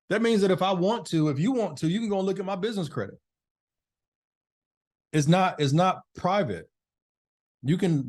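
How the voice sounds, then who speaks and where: A man's voice: on the high side, darkish tone. Chatty man teaching a business class. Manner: chatty, loose, talks to participants by name. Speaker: business masterclass host. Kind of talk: casual live online class.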